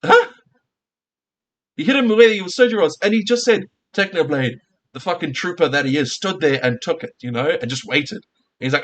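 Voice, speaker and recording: A man's voice: a little high, animated, brisk. Heated, swearing male streamer. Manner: heated, profane, fires rhetorical questions. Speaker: streamer reacting to a clip. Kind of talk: casual reaction rant.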